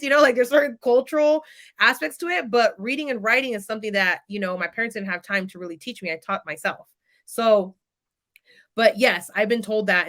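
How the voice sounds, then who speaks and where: A woman in her thirties from California, a podcast guest telling personal stories in a casual, animated way and acting out what others said. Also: on the high side. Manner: animated, quotes people in lively voices. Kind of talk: casual interview storytelling.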